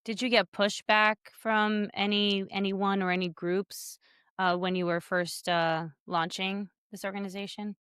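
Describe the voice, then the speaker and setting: A woman's voice: mid-range voice, little pitch movement, a little slow, fairly bright tone, smooth, no echo, clean studio sound. A woman hosting a podcast, asking a guest interview questions and listening with short affirmations. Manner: attentive, brief affirmations.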